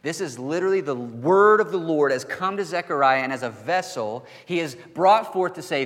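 A man preaching a sermon as pastor, earnest and emphatic, slowing down to stress key words. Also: on the high side, expressive, a bit bright. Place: church hall. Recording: long reverb of a church hall.

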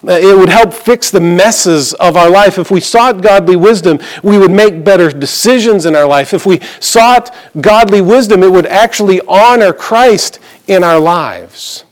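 A man's voice: sits high, unhurried, few pauses. A middle-aged male pastor preaching a conversational sermon, mixing scripture reading with personal stories and light humor.

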